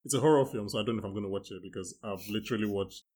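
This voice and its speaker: A man's voice: fairly low pitch, very fast, husky. A man hosting a podcast, talking casually and jokingly, acting out remembered conversations. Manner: animated, joking, acts out quotes. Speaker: podcast host. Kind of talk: casual chat.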